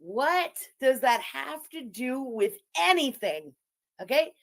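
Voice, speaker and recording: A woman's voice: high voice, big pitch swings, slow. A woman whose first language is French, hosting a livestream and ranting in a profane, mocking, combative way while reacting to clips. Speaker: streamer commentator.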